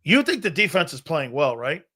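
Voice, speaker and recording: A young man with a notably high voice co-hosting a sports talk show. He talks in slangy, challenging bursts, tossing out statistics to push back on his partner. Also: big pitch swings, pushed and bright. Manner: challenging, slangy, quick to cite stats. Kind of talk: casual sports debate.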